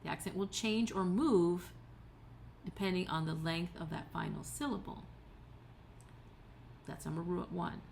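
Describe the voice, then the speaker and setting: Recorded as a tutorial, this female teacher explains patiently, stopping on fillers and revising her words as she goes. Her fairly low, gravelly voice has a darkish tone, with a faint hiss under the recording.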